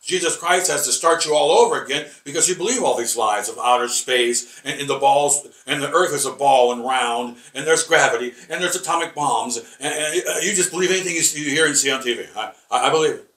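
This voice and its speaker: A man teaching a rambling Bible lesson, halting and repeating words with many fillers, emphatic and combative. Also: a little high, bright, forceful tone. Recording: echoey room, voice from far off.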